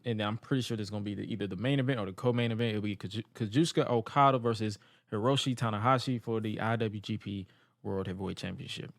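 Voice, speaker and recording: A man's voice: mid-range voice, no room sound, studio quality. A man co-hosting a podcast, chatting casually about wrestling, loose and rambling, tripping over names. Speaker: podcast co-host.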